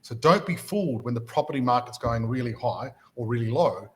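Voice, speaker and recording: A man's voice: medium pitch, fairly quick, a little hiss or hum, poor audio. A man hosting a motivational podcast, talking energetically and often restarting his sentences as he tells stories. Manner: energetic, repeats words when starting sentences, storytelling. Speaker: podcast host and property mentor.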